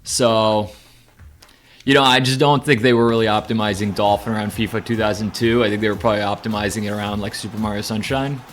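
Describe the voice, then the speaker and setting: A man streaming a video game, talking casually and rambling, then bursting into loud excited shouts during play. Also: on the low side, fast talker, a little hiss or hum. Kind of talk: casual live gameplay commentary.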